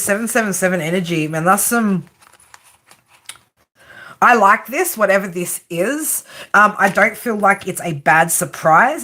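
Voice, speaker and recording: A woman's voice: medium pitch, fairly bright tone. A woman with an Australian accent giving a casual, chatty live tarot reading, laughing often and swearing freely. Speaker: tarot reader.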